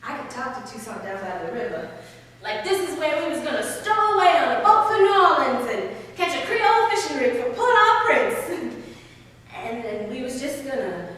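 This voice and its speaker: A woman performing a theatrical dramatic monologue in an art gallery, telling the story in lively vernacular speech and laughing between lines. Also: sits high, moderate pace. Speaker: stage performer. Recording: echoey gallery hall, far-off mic, faint room noise.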